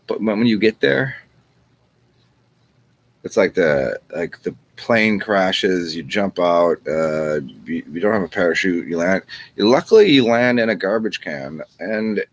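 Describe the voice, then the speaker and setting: A man with a very low, husky voice rambles through a wry monologue. He swears freely and keeps restarting his sentences. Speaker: channel host.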